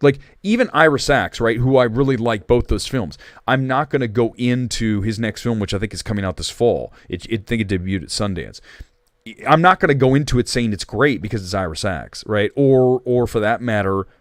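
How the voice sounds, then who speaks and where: A man's voice: mid-range voice, lively intonation, brisk, dry recording, studio quality. A man hosting a casual livestream movie chat, opinionated and rambling, with restarts and asides. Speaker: movie talk show host.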